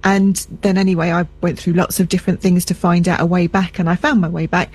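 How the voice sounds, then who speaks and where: A woman's voice: on the low side, flat delivery, fast, slightly rough. A woman hosting a casual interview, encouraging her guest and sharing her own story. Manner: warm, encouraging listener. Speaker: interview host.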